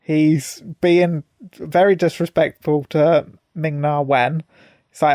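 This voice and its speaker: A man's voice: a little high, fairly even intonation, slow, darkish tone, no room sound, clean studio sound. A man co-hosting a podcast, chatting casually and sarcastically, swearing as he goes. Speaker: podcast co-host. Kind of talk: casual chat.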